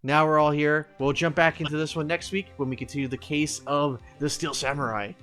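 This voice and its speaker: A male streamer hosts a live game session in a casual, chatty way, breaking into laughter often. His pitch is ordinary, and faint music runs underneath. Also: fairly even intonation, a little fast, fairly bright tone. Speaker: streamer host. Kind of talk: casual let's-play chat.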